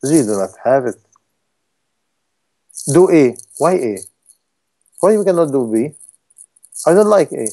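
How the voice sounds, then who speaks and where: A man's voice: on the high side, sing-song, a little slow, pauses often, dark tone. Man preaching in broken English. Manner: broken English, acts out quoted people. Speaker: Islamic preacher. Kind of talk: sermon.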